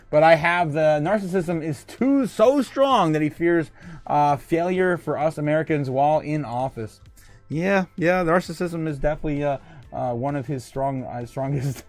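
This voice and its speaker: A man hosting a casual livestream, chatting loosely, reading viewer comments aloud and laughing often between many filler words. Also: a little high. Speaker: host.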